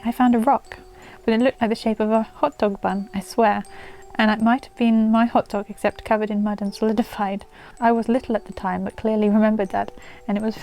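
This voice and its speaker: A woman's voice: on the high side, a little mellow. A woman casually reading viewer ghost stories aloud at home, breaking off to chat with her dog in a sing-song voice. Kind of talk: casual storytelling vlog.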